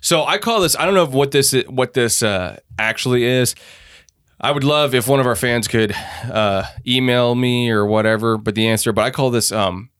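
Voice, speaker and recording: A man's voice: medium pitch, normal speed, a bit bright, smooth, dry recording, studio quality. A man co-hosting a podcast, talking bluntly and profanely while musing on ideas. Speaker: podcast co-host. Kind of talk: casual chat.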